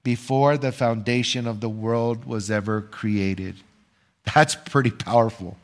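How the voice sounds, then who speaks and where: An older man preaching a sermon as pastor, earnest and measured, asking his listeners rhetorical questions and pausing for answers. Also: mid-range voice, steady tone.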